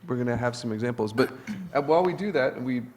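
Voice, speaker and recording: A man moderating a panel discussion, talking in a relaxed, halting way with fillers. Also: medium pitch.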